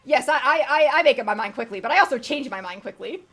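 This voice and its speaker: A woman quoting a male racer character who stammers and speaks proudly of how fast he makes up his mind. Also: high-pitched, lively intonation, a bit bright, slightly rough, pitched above the performer's own voice, heavily acted. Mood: boastful. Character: impulsive adult male racer rival.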